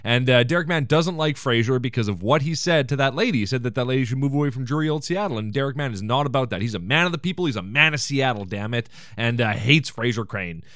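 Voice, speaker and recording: A man's voice: medium pitch, animated, fast, few pauses, a bit bright, no room sound, studio quality. Joking man hosting a podcast. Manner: rambling, joking, sarcastic asides. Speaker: podcast host. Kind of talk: casual comedic episode recap.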